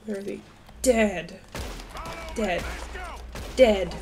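A young woman giving casual let's-play commentary as a gaming streamer, excitable and quick to exclaim and laugh. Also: medium pitch, slight background noise.

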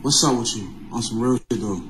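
A man's voice: mid-range voice, fairly quick, background noise. A man in a casual couple prank video, talking in heated bursts, repeating himself and breaking into laughs. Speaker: boyfriend in a prank skit.

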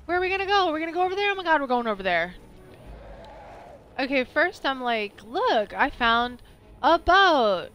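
A woman streaming a video game, chatting excitably and talking back to what happens on screen. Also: high voice, a little fast, a little hiss or hum. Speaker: gameplay streamer. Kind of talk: live let's-play commentary.

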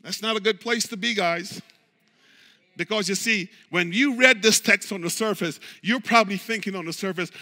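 High sharp-voiced pastor preaching hard, yelling then going quiet, big echoey church. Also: male voice, normal speed. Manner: impassioned preaching, calling on the congregation; swings between shouting and hushed low talk. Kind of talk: sermon. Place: church sanctuary. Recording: long hall reverb.

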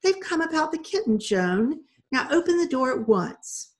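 A woman's voice: sits high, big pitch swings, moderate pace, voice pushed up. A woman voicing a thin, bossy elderly lady who insists on having visitors. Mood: insistent. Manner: thin, commanding voice.

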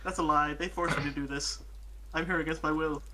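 A man's voice: a little high, fairly even intonation, brisk, a loud crowd, low-quality recording. A man playing Minecraft with friends, joking playfully and mock-dramatically in voice chat. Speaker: Minecraft let's play host. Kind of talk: casual gaming chat.

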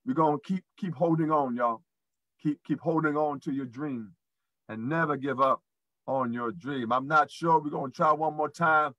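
On a live motivational show, a male host preaches to his audience, repeating encouragement and calling them "y'all." His medium-pitched voice has a sharp tone, and the audio is dry and poor.

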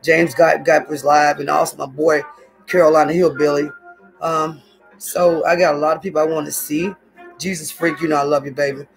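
A woman's voice: low-pitched, flat delivery, moderate pace, creaky, faint music behind. A woman chatting casually to her viewers from home on a hot day. She rambles from one thing to the next and keeps calling the audience y'all. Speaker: vlogger.

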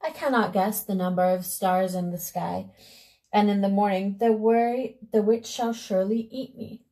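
A woman voicing a polite, frightened young girl who pleads gently, read aloud from a storybook. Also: mid-range voice, fairly even intonation, normal speed, close to an everyday voice. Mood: worried.

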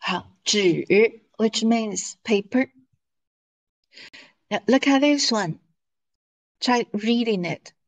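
A woman teaching a language class, repeating words slowly and patiently for her students. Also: fairly high pitch, lively intonation, poor audio.

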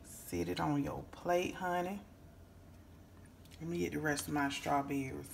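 A woman's voice: sits low, steady tone, measured pace, vocal fry, a little hiss or hum. A woman hosting a home cooking vlog in her kitchen, folksy and exclaiming, calling her viewers honey and baby. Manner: exclaims and hums over the food. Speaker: cooking show host.

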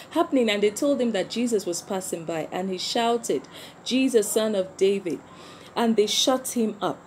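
A woman's voice: medium pitch, darkish tone, a little hiss or hum. A woman teaching a Sunday school lesson to kids, asking questions and answering them herself. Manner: slow, coaxing tag questions. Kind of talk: children's lesson.

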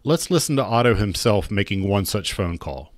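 A man narrating a commentary video in a measured, critical way. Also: fairly low pitch, animated, no room sound, clean studio sound. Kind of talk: scripted narration.

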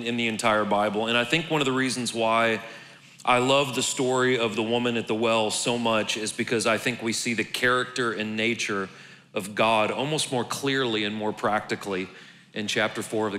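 A man's voice: mid-range voice, pushed and bright, slight background noise. A man preaching a casual, conversational sermon, joking and restarting words as he goes. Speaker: pastor. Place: large church hall. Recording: long reverb in a church hall, faint ambience.

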